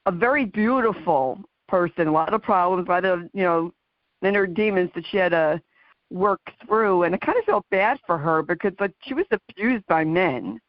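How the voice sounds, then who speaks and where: A woman's voice: lowish voice, lively intonation, moderate pace, no room sound. A woman in her sixties hosting an interview, chatting casually with fillers and laughs. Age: 60s. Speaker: interview host. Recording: dull lo-fi dry sound.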